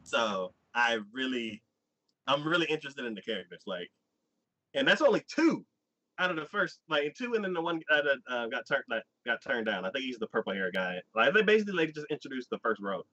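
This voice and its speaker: A man's voice: medium pitch, very animated, fairly quick, sharp tone. A man hosting a casual chat, retelling a story in a rambling way with lots of fillers and little acted-out quotes. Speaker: podcast host. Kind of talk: casual anime recap chat.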